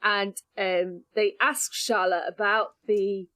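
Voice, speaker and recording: A woman priest co-hosting a casual podcast, retelling a show with animated, acted-out quotes. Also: medium pitch, takes it slowly. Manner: animated retelling, acting out quotes in jumpy voices.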